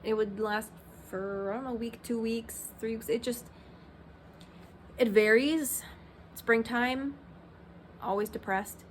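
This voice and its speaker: A woman's voice: on the high side, steady tone, slow pace, pauses often. Candid rambling woman vlogging, faint hiss. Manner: candid, rambling, with many fillers and self-quotes. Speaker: Christian vlogger. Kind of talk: personal vlog monologue.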